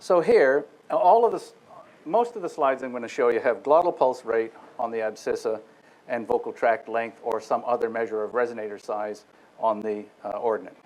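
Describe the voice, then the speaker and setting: A man's voice: medium pitch, moderate pace, darkish tone, low-quality recording. Man giving an explanatory technical lecture. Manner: explanatory, addresses listeners directly, often restarts phrases. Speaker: guest lecturer.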